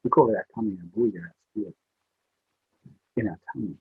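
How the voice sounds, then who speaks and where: Man, storyteller, earnest, heartfelt, husky voice, tinny phone-like sound. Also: lowish voice, a little fast, no room sound. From Western Australia. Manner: earnest, heartfelt, repeats himself. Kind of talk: spoken storytelling to young people.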